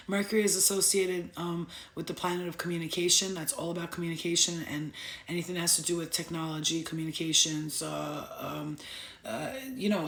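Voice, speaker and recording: A young woman giving a casual astrology talk, blunt and profane, telling lively stories. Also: on the low side, echoey room. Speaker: astrology vlogger.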